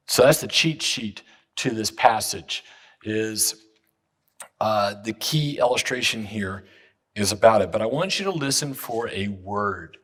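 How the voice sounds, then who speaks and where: A man's voice: lowish voice, fairly bright tone, slightly rough. A man preaching a sermon as a guest pastor in a church, teaching with questions and having the congregation repeat after him. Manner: teaching, leads the congregation in call-and-response. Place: church sanctuary.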